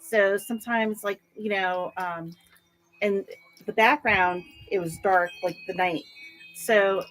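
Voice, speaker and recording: A woman on a live reading, sharing spiritual impressions in a halting, searching way with many fillers. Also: medium pitch, steady tone, fairly bright tone, faint music behind, poor audio. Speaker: guest intuitive reader.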